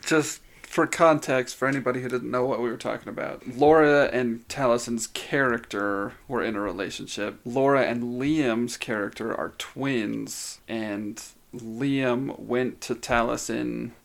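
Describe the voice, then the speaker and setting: A man co-hosting a podcast in relaxed conversation. His voice has a gravelly, creaky texture at a middle pitch. He laughs easily and grows lively when recounting favorite moments. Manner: laughs often, animated when retelling funny moments. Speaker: podcast co-host. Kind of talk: casual chat.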